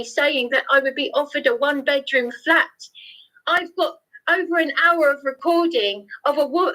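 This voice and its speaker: Distraught high-voiced woman. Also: bright, forceful tone, poor audio. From England. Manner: distressed, rambling, stammering restarts; raising her voice. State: distraught, near tears. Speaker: caller. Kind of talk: emotional phone call.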